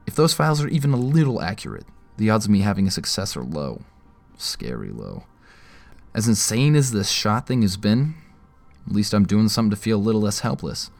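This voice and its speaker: Low-voiced man narrating wryly. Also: big pitch swings, brisk, creaky, a little mellow, dry recording, soft background music. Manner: wry, tense inner monologue. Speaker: first-person narrator. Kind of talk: audio drama narration.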